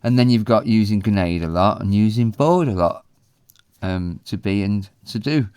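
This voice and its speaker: A man teaching a language in a relaxed, explanatory way, pausing often with ums. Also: on the low side, clear, resonant tone, no echo, studio quality. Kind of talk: casual spoken lesson.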